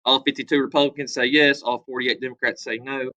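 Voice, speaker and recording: A man's voice: medium pitch, little pitch movement, fast, bright, forceful tone, muffled recording. A man teaching a casual history review, talking loosely with frequent fillers. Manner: loose, conversational, many "uh" fillers, acts out quotes.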